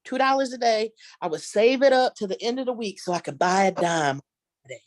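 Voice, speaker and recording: A woman's voice: mid-range voice, lively intonation, a little fast, dry recording. A middle-aged woman doing a brash, profane, rambling stand-up set. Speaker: headlining comedian. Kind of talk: stand-up set on a video call.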